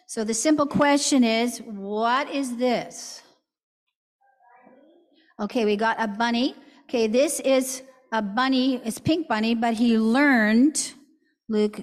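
A woman giving a church object lesson for children, explaining things simply and gently. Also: a little high, a little slow, in a large hall. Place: church sanctuary.

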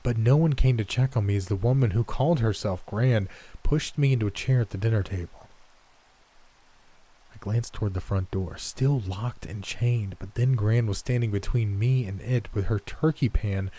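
A man reading a horror story aloud in a slow, tense, dramatic way. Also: fairly low pitch, warm tone. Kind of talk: scripted narration.

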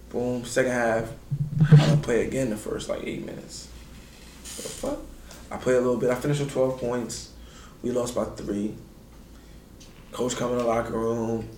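A man's voice: normal speed, pauses often. A man, a former college basketball player, casually telling stories in laid-back slang and acting out quotes with big jumps in his voice. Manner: animated, acts out quotes with big pitch jumps. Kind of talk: casual storytelling. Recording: roomy sound with faint noise.

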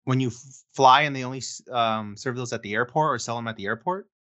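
A man's voice: mid-range voice, fast, pushed and bright. A man co-hosting a podcast in laid-back casual chat, often filling in with "um" and "dude". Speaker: podcast co-host.

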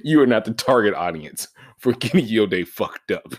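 A man with a fairly low voice holds forth in a casual, profanity-laced vlog rant. His pitch swings widely, jumping into loud, high outbursts and dropping back to low mutters. The recording is dry and close, with no room sound. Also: sing-song, normal speed, no room sound. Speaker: vlog host. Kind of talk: casual ranting monologue.

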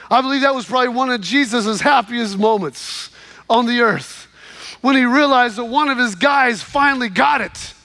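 High-voiced, bright man preaching. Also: no room sound. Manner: dramatic storytelling, exhorting. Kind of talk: sermon.

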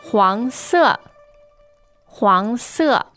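A woman co-hosting a language lesson, saying each word slowly and twice for learners. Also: on the high side, animated, fairly bright tone, no room sound, soft background music. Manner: models words slowly, repeating each twice. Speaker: Chinese language co-host. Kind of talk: casual teaching chat.

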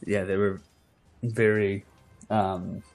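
A man's voice: on the low side, level tone, takes it slowly, creaky, a little mellow, faint music behind. A man playing a tabletop role-playing game, chatting casually and a bit hesitantly. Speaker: player.

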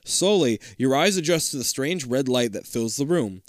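A man's voice: mid-range voice, expressive, moderate pace, no echo, studio quality. A man reading a choose-your-path book aloud to a friend, breaking off to joke, swear and laugh.

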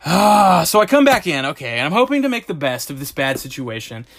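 High-voiced man on a profane rant. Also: fast talker. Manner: profane, exasperated, animated storytelling. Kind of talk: comedic ranting monologue.

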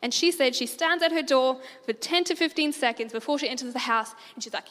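A woman speaks to a church congregation, her voice sitting a little high. She tells stories in an animated way and laughs easily. Her voice rings out in a hall with a long reverb. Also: brisk, few pauses. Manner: animated storyteller, laughs often.

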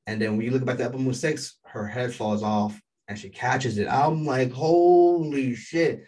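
A man giving a casual, rambling recap of an anime episode, excitable and full of fillers. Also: on the low side, fairly quick, far from the mic, poor audio.

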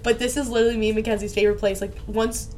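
A young woman co-hosting a casual podcast chat, giggly and animated, full of "like" and "literally". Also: on the high side, racing, a little hiss or hum. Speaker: podcast co-host.

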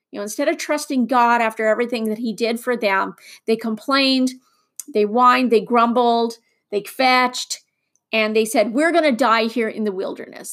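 A woman giving an informal, earnest Bible teaching in a conversational way, with frequent fillers and restarts. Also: on the high side. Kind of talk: informal sermon.

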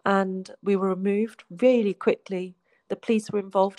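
A woman, a guest telling her life story in a heartfelt way, often falling to a soft hush. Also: mid-range voice, fairly even intonation, moderate pace, dry recording. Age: 40s. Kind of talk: emotional personal storytelling.

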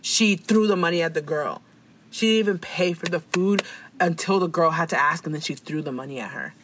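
A woman in casual gossip chat, animated and profane, often acting out quoted voices. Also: on the low side, a little fast, noisy background.

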